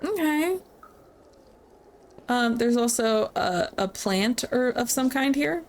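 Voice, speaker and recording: A woman's voice: fairly high pitch, animated, takes it slowly. Chatty, giggly woman streamer. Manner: chatty, giggly, swears freely. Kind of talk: casual let's play commentary. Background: faint game music.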